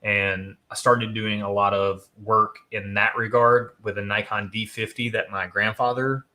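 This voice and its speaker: A man's voice: on the low side, level tone, measured pace, sharp tone. A man in his thirties co-hosting a livestream, chatting casually and rambling enthusiastically about his hobbies. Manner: rambling, enthusiastic, self-deprecating. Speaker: co-host of a whiskey channel.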